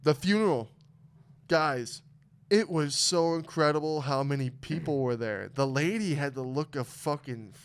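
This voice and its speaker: A young man hosts a casual podcast, telling raw, heartfelt stories in an open, emotional way. His voice is smooth, resonant and on the high side, his pace measured, and he swears constantly.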